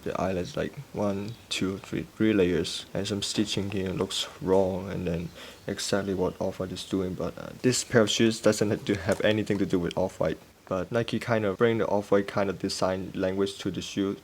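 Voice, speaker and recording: A man reviewing sneakers in a relaxed, casual way, halting often with fillers and restarts. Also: low-pitched, a little hiss or hum.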